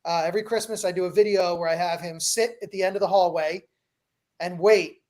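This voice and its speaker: A woman's voice: fairly low pitch, steady tone, a little fast, darkish tone. A woman co-hosting a podcast, talking casually and fondly about the holidays. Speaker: podcast co-host. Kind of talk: casual live podcast chat.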